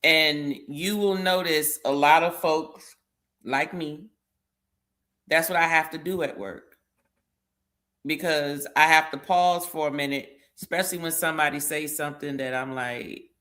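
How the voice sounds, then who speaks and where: A man with a fairly high, bright voice talks things through at an unhurried pace. He co-hosts a casual discussion and weighs each thought before he moves on. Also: steady tone. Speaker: podcast co-host.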